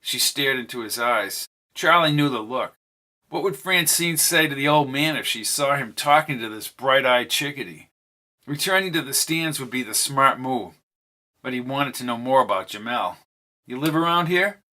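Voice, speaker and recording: A man giving a steady, descriptive audiobook narration. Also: medium pitch, normal speed. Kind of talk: scripted narration.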